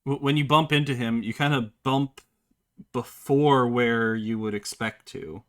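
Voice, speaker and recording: A man's voice: medium pitch, steady tone, measured pace, a bit bright. A man running a tabletop game as game master, hesitant, with many fillers and restarts.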